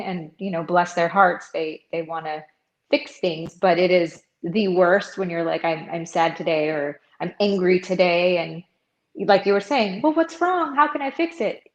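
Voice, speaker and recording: A woman guest on a podcast, speaking openly and reflectively in casual conversation. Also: on the low side. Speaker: podcast guest, Reiki master. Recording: muffled, roomy sound.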